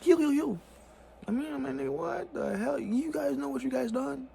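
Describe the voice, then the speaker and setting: An extremely high-pitched male voice with vocal fry and a dark tone comes through at a moderate pace over slight background noise. He's a vlogger on a heated, casual rant, full of profane slang and repeated "bro" and "you know what I'm saying."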